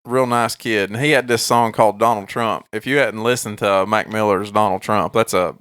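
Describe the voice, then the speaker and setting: A man's voice: lowish voice, steady tone, fairly bright tone, smooth, no echo. A man, co-hosting a podcast in laid-back casual chat. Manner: laid-back, quick reactions and laughs. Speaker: podcast co-host.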